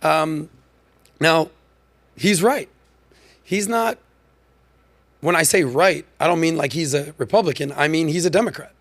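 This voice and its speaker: A man hosting a podcast, giving punchy, animated commentary and leaning hard on key words. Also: a little high, unhurried, long pauses, no room sound. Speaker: podcast host.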